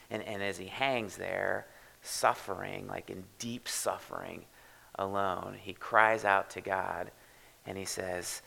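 A man pastor preaching a sermon in church, talking in a loose, conversational way that drops to hushed, soft stretches. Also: deep voice, fairly even intonation, unhurried, vocal fry, rough recording.

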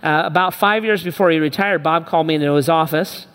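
A man's voice: on the high side, fast talker, a bit bright, smooth. A middle-aged male pastor preaching a sermon, emphatic and repetitive, speaking straight to his listeners. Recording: long hall reverb.

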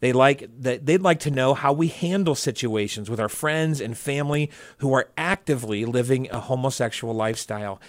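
A man's voice: mid-range voice, moderate pace, no room sound, studio quality. A man hosting a church podcast, joking around and reading a listener's question aloud. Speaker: podcast host. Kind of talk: casual church podcast chat.

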